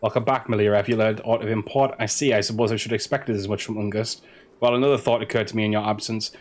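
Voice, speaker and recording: A man's voice: lowish voice, fairly even intonation, fast, close to an everyday voice. A man reading aloud an earnest male investigator from a game, stumbling on words now and then. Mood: steady. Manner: reads quest dialogue aloud, stumbling on words.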